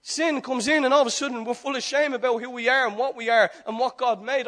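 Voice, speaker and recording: A man in his forties delivers an impassioned sermon in a strikingly high voice. He swings from loud, urgent appeals down to near-whispered confessions, often driving a point home with repetition. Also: steady tone, fast. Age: 40s. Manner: repetitive rhetorical preaching. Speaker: preacher.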